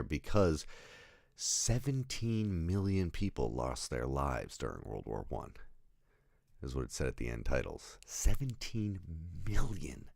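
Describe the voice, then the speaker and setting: Very deep gravelly man rambling. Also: a little mellow, dry recording, studio quality. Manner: rambling, self-interrupting, laughs at own jokes, swears. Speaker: film reviewer. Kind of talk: casual spoken film review.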